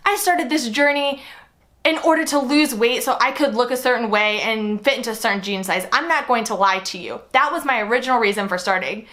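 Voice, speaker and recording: Bright, earnest young woman giving advice. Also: fairly high pitch. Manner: earnest, encouraging, speaks straight to the viewer. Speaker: fitness coach. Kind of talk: direct-to-camera advice talk.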